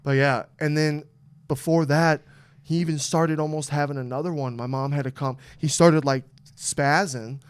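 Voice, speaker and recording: A young man hosting a podcast, telling a story in a lively, animated way, swearing often and acting out what people said. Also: fairly high pitch, moderate pace, clean tone. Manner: animated, swearing, acts out quotes. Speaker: podcast host. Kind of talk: casual storytelling chat.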